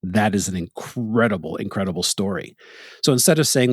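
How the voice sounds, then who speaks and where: A man's voice: lowish voice, animated, fairly quick, breathy edge, dry recording, clean studio sound. A middle-aged Canadian man hosting a podcast, telling stories in a casual, reflective chat and chuckling often. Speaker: podcast host.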